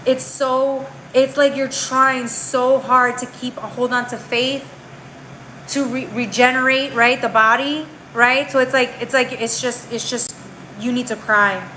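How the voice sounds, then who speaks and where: A woman's voice: high voice, steady tone, a little slow, pushed and bright, slight background noise, poor audio. A woman giving a live tarot reading in a chatty, slangy way. She keeps tagging her lines with "right?" and often restarts or trails off mid-phrase. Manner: slangy, calls the viewer girl and bro. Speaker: tarot reader.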